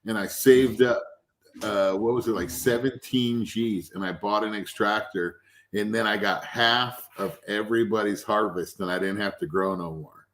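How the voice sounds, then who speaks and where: A man who is the guest, a cannabis extract maker, telling casual stories with lively anecdotes and acting out the people he quotes. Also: lowish voice, moderate pace. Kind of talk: casual storytelling.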